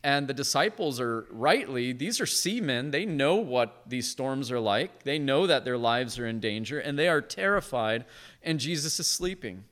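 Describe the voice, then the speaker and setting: A man preaching a sermon as pastor, earnest and conversational, swinging from hushed to emphatic. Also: mid-range voice, expressive, moderate pace. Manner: conversational asides with short laughs.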